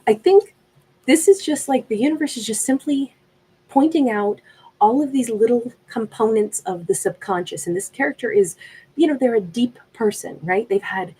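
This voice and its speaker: A woman giving a gentle, reflective tarot reading in a conversational way. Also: on the high side, moderate pace, slightly rough, low-quality recording. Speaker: tarot reader.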